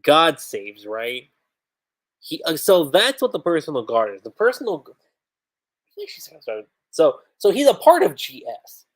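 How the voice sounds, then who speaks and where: A man casually reviewing a comic chapter on a livestream, animated and chatty, with many fillers. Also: on the high side, measured pace.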